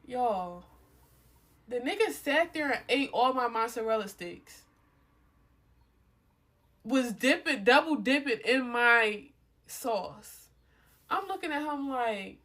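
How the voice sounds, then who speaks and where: A young woman with a Philadelphia accent tells a personal story to her viewers, calling them "y'all" and speaking in loose, slangy talk. Her voice sits high. She stays animated throughout and swears freely. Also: rough recording. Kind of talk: casual storytime monologue.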